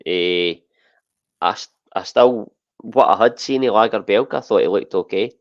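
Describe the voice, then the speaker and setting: A man's voice: on the low side, normal speed, no room sound. A Scottish man co-hosting a casual podcast, rambling through his points with frequent "eh" and "listen.". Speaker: podcast co-host. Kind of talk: casual football chat. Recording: dull, dry lo-fi podcast audio.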